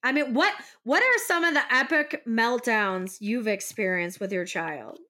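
A woman's voice: on the high side, unhurried. A young woman co-hosting a casual podcast chat, animatedly acting out stories. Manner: animated storytelling, acting out scenes. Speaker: podcast co-host.

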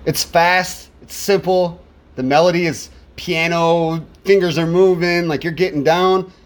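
A man's voice: on the high side, fairly even intonation, measured pace. A man casually talking through an album track by track, repeating words for emphasis. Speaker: music reviewer. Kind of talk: casual spoken album review.

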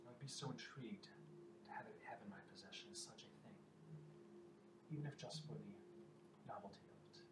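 Stately fairy queen played by a guy, measured, far off mic with lots of background noise. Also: fairly low pitch, close to an everyday voice. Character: regal, curious female fairy queen. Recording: roomy, distant mic, loud background ambience.

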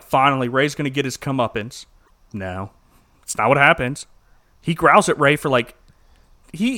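A man, a minister, co-hosting a casual chat and recapping a movie with lively mimicry and frequent laughter. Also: on the high side. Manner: animated, mimics characters, laughs often. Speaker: podcast co-host.

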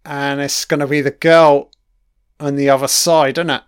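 A man's voice: medium pitch, level tone, normal speed, clean tone, no room sound, clean studio sound. A man giving a crude, mocking running commentary on a film, swearing heavily as he reacts.

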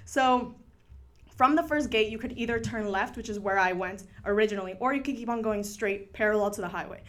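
A woman's voice: mid-range voice, a little fast, a bit bright. A young woman telling a story in a casual, chatty way, full of "like" and the odd Spanish word. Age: young adult. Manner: chatty, filler-heavy, drops Spanish words. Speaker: student storyteller.

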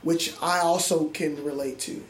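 Reflective man with a slightly high voice. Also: steady tone, a little hiss or hum. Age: adult. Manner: reflective, earnest, halting restarts. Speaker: middle school music teacher. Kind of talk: interview conversation. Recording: echoey room with faint ambience.

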